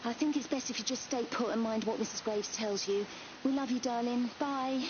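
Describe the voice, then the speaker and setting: A woman voicing a hurried mother on tape. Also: on the high side, natural voice. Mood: tender. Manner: hurried, tender. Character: worried mother recording a message for her daughter. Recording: muffled tape recording with hiss.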